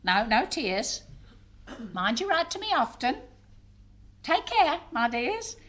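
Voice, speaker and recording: A woman performing a comic monologue as a grandmother bravely seeing her family off on a train, her voice climbing high as she insists she'll be fine. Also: very animated, slow, a bit bright, slight background noise, heavily acted. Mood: brave cheerful. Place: live theatre stage before an audience.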